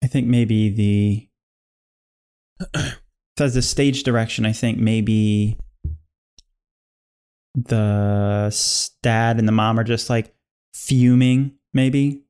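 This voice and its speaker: Relaxed man talking through a sketch. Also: lowish voice, very slow, long pauses, smooth. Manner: relaxed, thinks aloud with fillers. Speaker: sketch co-writer. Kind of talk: casual script workshop chat.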